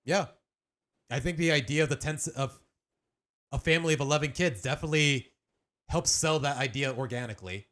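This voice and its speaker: A man's voice: mid-range voice, a little fast, long pauses, fairly bright tone. A young adult man chatting casually on a live stream as he reacts to a video, rambling with restarts and slang.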